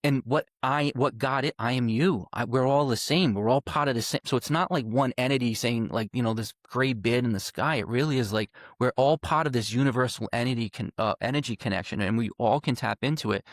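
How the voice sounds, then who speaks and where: Man, earnest storyteller, repeats phrases for emphasis, middle pitch, dry close sound. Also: brisk, hardly any pauses, no echo. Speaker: podcast guest. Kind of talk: personal storytelling.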